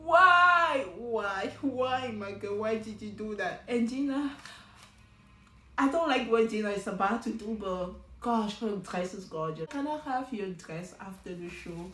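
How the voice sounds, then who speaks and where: A woman giving a casual recap of a reality show, chatty and animated, often talking straight to the people on screen. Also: mid-range voice, normal speed, reverberant, poor audio. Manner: chatty and animated, talks straight to the show's cast.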